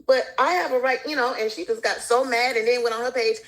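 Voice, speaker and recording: A woman's voice: a little high, steady tone, fast, few pauses, fairly bright tone, low-quality recording. A woman guest in casual conversation, telling stories animatedly and acting out the people she quotes. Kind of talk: casual chat.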